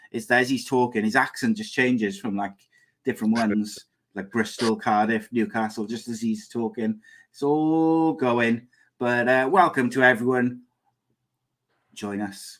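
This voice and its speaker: A man's voice: on the low side, a bit bright. A young man hosting a comedic podcast in a rambling, chatty, plain-spoken way. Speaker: podcast host. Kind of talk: casual comedic chat.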